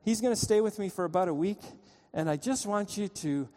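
A man preaching a sermon in a church, with a fairly high but mellow voice. He tells a story and pleads with his listeners, moving between loud passages and quiet ones. A long reverb trails after his words in the sanctuary. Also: a little fast. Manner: storytelling, urgent pleading, dramatic shifts in loudness. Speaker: pastor.

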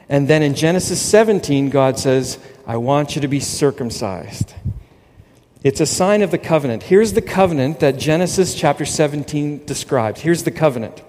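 A man preaching a sermon, animated and quoting scripture with emphasis. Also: a little high, normal speed, big-room sound. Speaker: pastor.

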